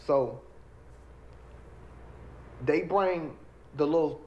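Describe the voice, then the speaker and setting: A man's voice: on the high side, very slow, highs cut off, slight background noise. A man telling his own story in casual talk, acting out what others said and repeating lines for emphasis. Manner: animated, acts out quoted voices, repeats phrases for emphasis.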